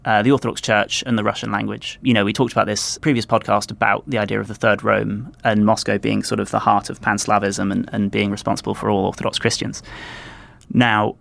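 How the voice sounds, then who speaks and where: A man with a low, gravelly voice and a flat, even delivery gives conversational podcast analysis. He reasons out loud, pausing and restarting often as he builds his point. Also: no room sound. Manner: thoughtful, hesitant with many restarts. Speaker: podcast contributor.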